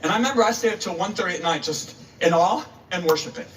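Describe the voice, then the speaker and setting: A guest preacher with a high, slightly bright voice talks fast through a sermon story, performing each character with dramatic force. The distant mic catches slight background noise.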